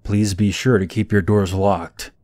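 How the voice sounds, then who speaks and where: A man narrating a true scary story in a calm, measured, scripted reading. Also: on the low side, dry recording.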